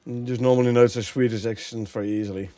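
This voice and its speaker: A man's voice: medium pitch, steady tone, rapid-fire, warm tone, dry recording. A man from the Netherlands with a Dutch accent, streaming a game and chatting with viewers, thinking aloud and laughing often. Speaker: gameplay streamer. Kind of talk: casual live-stream commentary.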